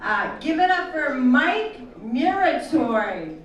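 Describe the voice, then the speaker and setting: Lady hosting a comedy show, kinda high voice, super echoey and noisy. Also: big pitch swings, highs cut off. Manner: upbeat, brisk announcing. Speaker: event host. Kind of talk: introducing acts. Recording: echoey distant mic with loud crowd. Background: loud crowd and noise.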